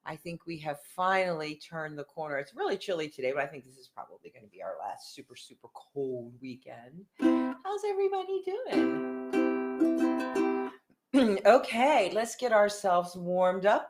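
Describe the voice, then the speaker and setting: Cheerful, lively-voiced music teacher. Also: female voice, on the low side. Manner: cheerful, encouraging, coaxing. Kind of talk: online singing lesson, guiding warm-ups. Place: home room with ukuleles. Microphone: desk microphone.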